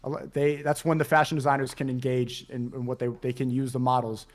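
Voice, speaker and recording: A man's voice: medium pitch, level tone, fast talker. A young man speaking hesitantly in casual stream chat, with many restarts as he tells a confessional story. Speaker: former model, stream guest.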